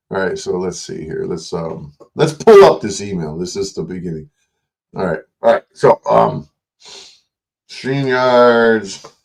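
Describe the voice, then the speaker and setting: A man hosting a late-night livestream, ranting in a combative, mocking and profane way at another online creator. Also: fairly low pitch. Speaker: livestream host.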